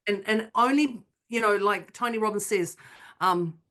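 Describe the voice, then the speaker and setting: A woman chatting on a podcast, her voice set in the middle of the usual range. She recounts a story with animated flair, slipping into the voices of the people in it. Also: mid-range voice, moderate pace. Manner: animated storyteller, acts out her own quotes. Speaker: podcast co-host. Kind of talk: casual chat, storytelling.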